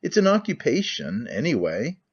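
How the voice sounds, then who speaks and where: A man's voice: mid-range voice, huge pitch swings, normal speed, breathy edge. A man reading as a jaded idle nobleman. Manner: rambling, confiding, languid candor. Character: jaded cynical middle-aged nobleman, idle and talkative. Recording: muffled lo-fi audiobook recording.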